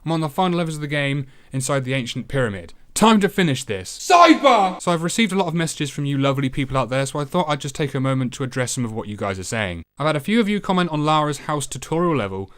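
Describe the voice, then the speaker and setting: A man's voice: mid-range voice, animated, quick pace, hardly any pauses. A British man hosting a retro game review show, giving a comedic voice-over full of sarcasm and swearing.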